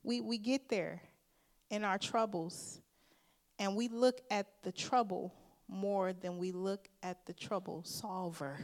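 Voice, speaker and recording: A woman preaching a sermon. Her delivery is earnest and emphatic, and she speaks to the congregation in a loose, conversational way, calling them "y'all." Her pitch sits at an ordinary middle height. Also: steady tone, slow pace. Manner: informal, conversational phrasing. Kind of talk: sermon with personal testimony.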